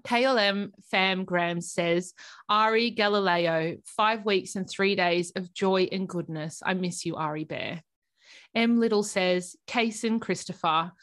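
A young woman co-hosting a podcast in a casual, heartfelt way. Her voice sits at an ordinary middle pitch, and her talk is loose and chatty, full of "like" and the odd swear word. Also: fairly bright tone. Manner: chatty, emotional, peppered with "like" and swearing. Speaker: podcast co-host.

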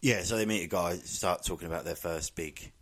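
A man's voice: deep voice, brisk. A man in a casual chat, recapping a film and quoting its lines. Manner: relaxed, laughing, quotes film lines.

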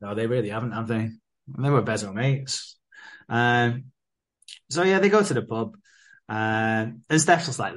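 A man's voice: medium pitch, measured pace. Sweary man recapping a soap. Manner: laid-back, sweary, acts out characters' lines. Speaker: podcast co-host. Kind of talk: casual recap chat.

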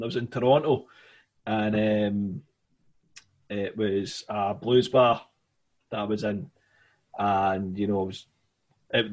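A man's voice: lowish voice, husky. A man with a Scottish accent co-hosting a podcast in casual chat, rambling with lots of "you know" fillers. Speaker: podcast co-host.

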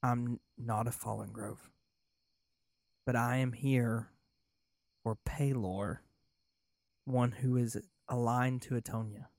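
A man voicing an urgent high elf man who speaks in a formal, solemn way. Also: fairly even intonation, slow, gravelly, long pauses, darkish tone, no room sound, clean studio sound. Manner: solemn and formal, turning frantic.

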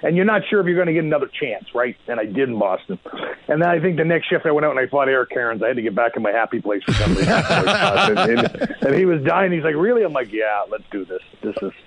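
A man calling into a radio show as a guest and telling animated stories about his hockey career, often acting out what he and others said. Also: fairly high pitch, fast talker. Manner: animated, quotes himself often. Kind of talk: casual storytelling. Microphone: phone call. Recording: tinny dry phone line.

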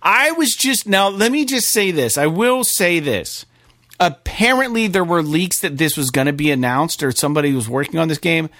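A man co-hosting a gaming podcast, talking casually and excitedly, swearing often and rambling. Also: fairly high pitch, normal speed, dry recording, studio quality. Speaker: podcast co-host.

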